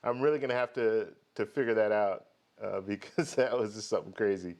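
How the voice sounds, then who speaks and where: The host of a travel credit card channel, this man talks a little fast in a fairly low, slightly mellow voice. During his live stream about travel rewards, he keeps things chatty and casual, greeting each viewer by name.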